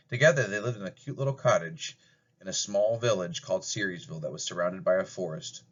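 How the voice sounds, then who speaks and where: A man's voice: fairly low pitch, highs cut off. A man narrating a fairy-tale story in a plain read-aloud way for a class project. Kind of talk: amateur storybook reading.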